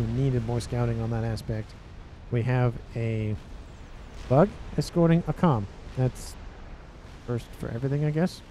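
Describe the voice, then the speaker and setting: Man, casual game commentary, warm relaxed voice, rambling with self-corrections, exasperated asides. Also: medium pitch, a little hiss or hum.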